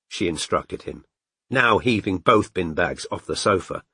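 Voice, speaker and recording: A man's voice: low-pitched, animated, moderate pace, fairly bright tone, breathy edge, no echo, clean studio sound. A man narrating an audiobook, reading expressively and doing character voices. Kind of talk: scripted narration.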